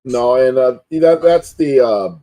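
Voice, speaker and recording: A man co-hosting a casual talk stream, opinionated and animated, often stumbling over his restarts. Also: mid-range voice, slow. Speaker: co-host. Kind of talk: casual chat.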